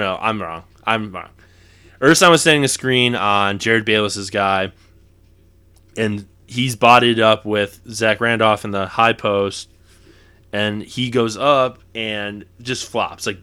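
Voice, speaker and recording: Young man, low pitch, smooth clear voice, rambling casual sports chat, laughs a lot. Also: sharp tone. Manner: rambling, laughs often, self-correcting. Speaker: podcast co-host.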